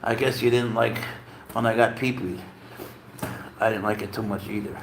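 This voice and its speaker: A man's voice: on the low side, fairly even intonation, normal speed, vocal fry, heavy background noise. A man and teacher chatting on a live stream at home, talking baby talk to his pet, swearing and rambling between asides. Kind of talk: casual live stream chat.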